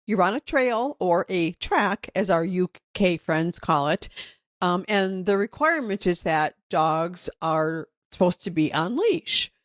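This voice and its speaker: Slow chatty lady host, low-ish voice, dry room, acts out her own thoughts. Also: no echo. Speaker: podcast host and dog trainer. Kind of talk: solo podcast teaching.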